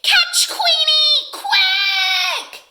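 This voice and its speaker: A loud quacking duck. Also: female voice, very high voice, fairly even intonation, very slow, roomy sound, heavy background noise, voice pushed up, full character voice. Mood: urgent. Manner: shouting, endless quacking. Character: loud cheerful female duck.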